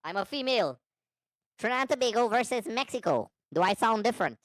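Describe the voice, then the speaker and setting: A man's voice: extremely high pitch, expressive, quick pace, a bit bright, dry recording, voice pushed up. A man using a voice changer to put on a playful, self-mocking woman's voice. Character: pitched-up female voice.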